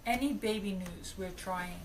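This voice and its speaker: A woman co-hosting a live show, quietly reading out viewer names and questions in short prompts. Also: medium pitch, a little slow, slight background noise.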